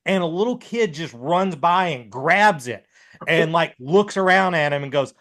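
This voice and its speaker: Relaxed male podcast co-host with raised pitch. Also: normal speed. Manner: relaxed storyteller, hesitant fillers. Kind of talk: casual chat.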